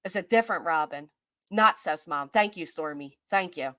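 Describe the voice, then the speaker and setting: A woman's voice: deep voice, moderate pace, sharp tone, no room sound, clean studio sound. A woman with a Kentucky accent hosting a casual live-stream chat, reading out and greeting viewers by name as she talks.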